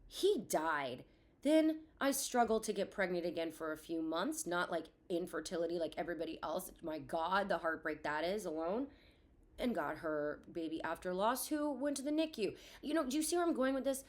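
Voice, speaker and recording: A woman's voice: on the low side, animated, moderate pace. Woman, thirties, solo podcast host, raw and profane, ranty but reflective. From Florida. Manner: blunt and profane, swinging between rant and reflection. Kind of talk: candid solo podcast monologue.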